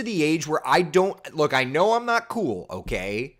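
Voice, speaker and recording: Animated man in his thirties, casual chat. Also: a little high, a little slow, a little hiss or hum. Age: 30s. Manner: animated, exaggerated incredulous asides. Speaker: weather host. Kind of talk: casual livestream chat reading viewer comments.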